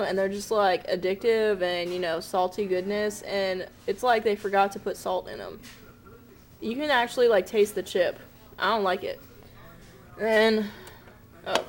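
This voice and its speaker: A woman's voice: medium pitch, low-quality recording. A young woman at home, casually ranting and rambling to a webcam with lots of fillers, swearing and dramatic asides. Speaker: vlogger. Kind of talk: casual ranting vlog to a friend.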